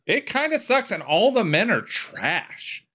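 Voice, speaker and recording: A man's voice: high-pitched, big pitch swings, measured pace, sharp tone. A man co-hosting a podcast in casual chat, blunt and joking, swearing freely. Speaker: podcast co-host.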